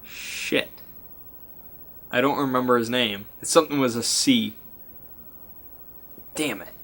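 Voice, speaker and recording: A man who served as game master recaps a tabletop session as casual storytelling, speaking slowly in a medium-pitched, fairly bright voice. He rambles and interrupts himself, often pausing as he loses track of names.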